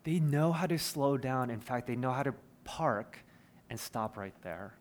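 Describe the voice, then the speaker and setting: A man's voice: medium pitch, expressive, a little slow. A man, preaching a sermon in an earnest, conversational way with personal stories. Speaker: pastor.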